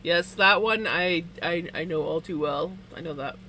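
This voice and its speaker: A woman's voice: fairly low pitch, normal speed, sharp tone, a little hiss or hum, poor audio. A woman chatting casually with her livestream viewers, laughing often as she talks. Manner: giggly, laughs often between words. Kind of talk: casual chat with viewers while spinning wool. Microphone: streaming setup.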